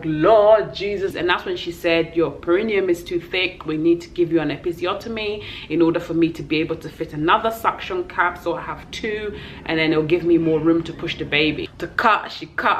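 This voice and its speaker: A woman's voice: fairly low pitch, a little fast, highs cut off, slight background noise. A young woman with a London accent, a vlogger telling an emotional personal story in a heartfelt, tearful way. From England. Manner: tearful, heartfelt, acts out voices in her story.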